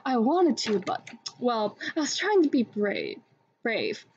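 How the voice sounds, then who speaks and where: A woman's voice: a little high, huge pitch swings, slow pace, slight background noise, exaggerated voice. A woman reading as a timid nervous boy. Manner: shaky and hesitant. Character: timid nervous young boy, easily scared. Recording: dull lo-fi recording.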